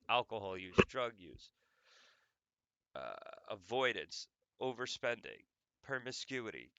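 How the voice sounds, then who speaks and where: With a lowish, bright, forceful voice and no echo, a young man in his adult years hosts an audio podcast. His casual monologue wanders, jokes, curses, and is full of "like."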